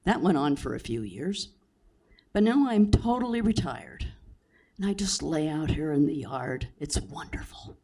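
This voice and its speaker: A man voicing a retired old male talking dog, telling his story slowly and contentedly. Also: fairly high pitch, very animated, dark tone, full character voice.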